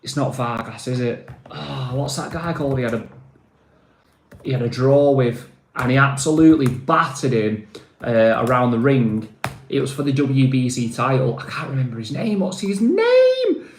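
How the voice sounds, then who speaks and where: A man's voice: mid-range voice, normal speed, echoey room, a little hiss or hum. Chatty northern English man on a phone stream. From northern England. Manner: chatty, rambling, reads viewer names aloud. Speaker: livestream host. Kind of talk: casual live-stream chat reading comments.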